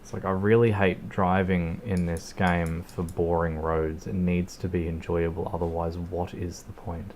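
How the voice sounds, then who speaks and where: Unhurried and flat, this Australian streamer's low, slightly mellow voice flows with hardly any pauses as he casually comments on his game. He rambles in a relaxed way, occasionally swearing and laughing, over a faint hiss or hum.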